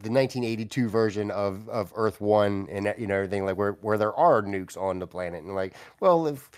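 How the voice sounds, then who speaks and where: A man's voice: lowish voice, brisk, darkish tone, smooth, dry recording. A man co-hosting a casual comic book podcast, rambling and enthusiastic, with lots of likes and I means. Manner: rambling, enthusiastic, hedging with fillers. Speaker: podcast co-host.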